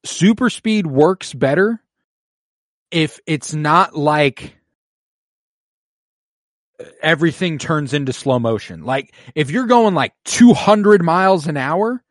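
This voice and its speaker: A man's voice: a little high, animated, takes it slowly, long pauses, no room sound, studio quality. A young man co-hosting a casual movie chat, laid-back and offhand, swearing casually. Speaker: podcast co-host.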